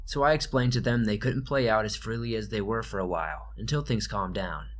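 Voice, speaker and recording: Low-voiced man narrating a horror story. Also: a little fast. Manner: calm, steady first-person storytelling.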